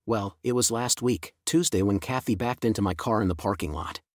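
A man voicing a sad, apologetic middle-aged woman on the phone in a slow, plain way. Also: fairly low pitch, no echo, studio quality, close to an everyday voice.

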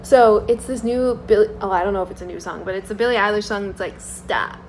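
Young woman vlogger, mid pitch, chatty and rambling, laughs a lot, faint noise behind. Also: fast talker, darkish tone, rough recording. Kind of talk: casual daily vlog.

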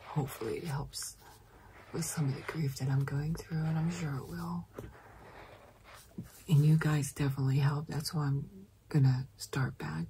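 A deep-toned woman drifts between breathy whispers and hushed, drawn-out speech as she opens her mail for ASMR. Her words come slow and gentle, close and intimate. A steady hiss sits under the recording. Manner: soft, alternating whisper and quiet speech. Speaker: ASMR creator.

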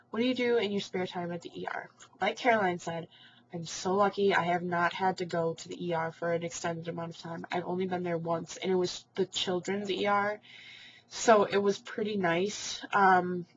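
Teen girl vlogger, lower pitch, chatty and caring, dull lo-fi webcam recording. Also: little pitch movement, normal speed. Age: teens. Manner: rambling, sympathetic, many ums and likes. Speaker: vlogger in an online support group. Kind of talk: casual video reply to group members. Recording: dull lo-fi webcam audio with faint hiss.

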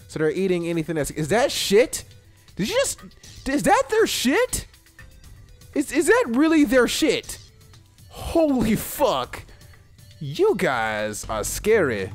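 A young man giving casual let's-play commentary, excitable, swearing often and talking to himself as he plays. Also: fairly high pitch. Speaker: gaming video host.

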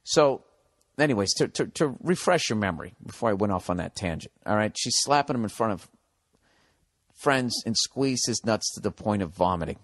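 A U.S. man in his forties hosts a comedy podcast, delivering a blunt, profane, ranting monologue full of advice. His voice is lowish with lively intonation at a normal pace, recorded cleanly in a studio with no echo.

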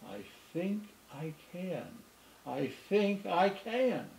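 A man voicing a kind, determined little female engine, chanting with rising pitch. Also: sing-song, extremely slow, gravelly, a little mellow, echoey room, a little hiss or hum, full character voice.

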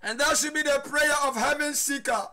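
A Ghanaian man preaching an impassioned sermon as pastor, shouting and crying out, with prayers in Twi. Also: very high-pitched, normal speed.

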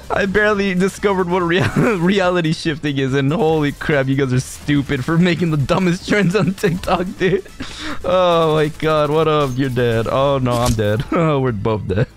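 Brief: male gaming host, slightly high and very animated pitch, joking and excitable, faint music underneath. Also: unhurried. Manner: excitable, jokey, laughs often and yelps at surprises. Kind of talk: casual gameplay commentary.

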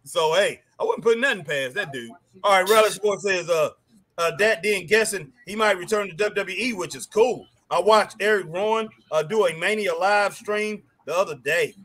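An excitable man co-hosting a casual live stream, his voice high and bright with a husky edge. He chats loosely and ends his lines with "boy" and "man". He reads viewer comments out loud between remarks. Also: normal speed. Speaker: wrestling live stream co-host.

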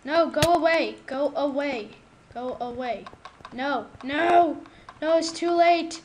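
A woman giving casual gameplay commentary, excitable and protesting loudly whenever she loses, recorded on a home microphone. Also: high voice, slow pace, slight background noise. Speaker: gamer. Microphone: new desktop microphone.

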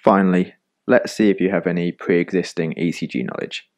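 A man narrating a scripted medical lesson in calm, measured explanations. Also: low voice.

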